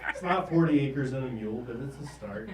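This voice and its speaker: Halting stand-up comic man, roomy distant sound. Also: medium pitch, lively intonation, very noisy. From American South. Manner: halting, trailing off with "I don't know", chuckling at his own jokes. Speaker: stand-up comedian. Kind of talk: stand-up comedy set. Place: comedy stage in a small room. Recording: roomy, distant live room recording.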